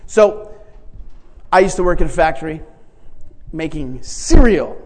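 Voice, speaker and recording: A man's voice: on the high side, expressive, measured pace, darkish tone. A male preacher telling stories in a rambling sermon, often restarting and chuckling as he talks. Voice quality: gravelly. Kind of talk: sermon storytelling. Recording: long reverb in a large hall.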